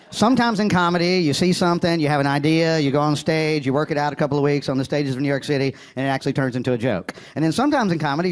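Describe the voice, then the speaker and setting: A man's voice: fairly high pitch, a little hiss or hum. A man from Alabama with a Southern accent doing wry stand-up comedy on a club stage. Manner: wry, building to exasperated punchlines.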